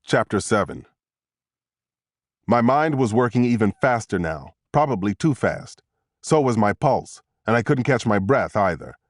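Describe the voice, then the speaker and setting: Give me a man narrating a thriller in a lower voice, dry and close. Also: no room sound. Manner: steady, tense storytelling. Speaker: audiobook narrator. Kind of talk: scripted first-person narration.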